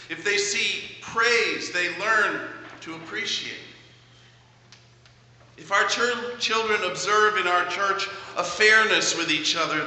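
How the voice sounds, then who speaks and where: A middle-aged man preaching a sermon in a church, earnest and measured, telling stories. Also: sits high, sharp tone. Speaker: pastor. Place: church sanctuary. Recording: echoey church hall from a distance.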